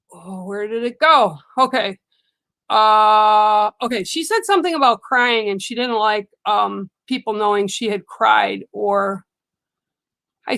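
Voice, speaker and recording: With a fairly high, fairly bright voice, an older livestream reader chats and reassures her viewers while reading cards. She talks back to their comments in a chatty, comforting manner.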